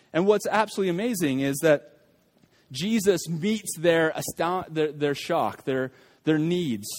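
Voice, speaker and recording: Male preacher, sermon delivery, slightly high voice, animated, acts out the people in the story, frequent restarts. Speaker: pastor.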